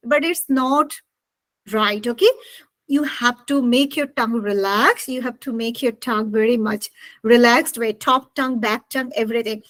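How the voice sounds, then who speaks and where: A woman's voice: on the high side, fairly quick, fairly bright tone. A woman with a Bengali accent teaching spoken English in an online class, mixing English and Bengali and quizzing her students. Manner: mixes English and Bengali, asks students questions.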